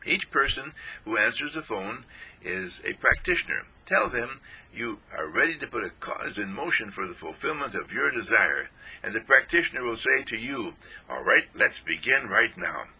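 A man giving an inspirational radio talk, animated and playful, repeating affirmations. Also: medium pitch, normal speed, breathy edge. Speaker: spiritual radio speaker.

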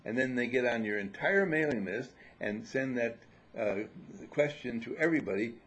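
A man's voice: mid-range voice, moderate pace, slight background noise. An older man leading a group in a casual spiritual talk, playful and teasing as he lectures. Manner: lively, joking, playful lecturing.

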